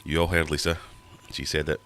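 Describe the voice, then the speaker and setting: A middle-aged man with a very low voice hosts a livestream from his fish room at home. He reads out viewer comments and rambles on in a chatty, self-mocking way. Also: level tone, fairly quick, a bit bright. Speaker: livestream host. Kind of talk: casual livestream chat reading viewer comments.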